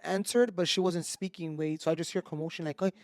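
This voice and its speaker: A man cohosting a podcast, with a fairly high voice and a rapid delivery. He tells stories in an animated, unfiltered way and slips into Spanish. The sound is dry and close. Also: dry recording. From Mexico. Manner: animated storytelling, swearing, mixing Spanish into English. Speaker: podcast co-host. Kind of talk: casual chat.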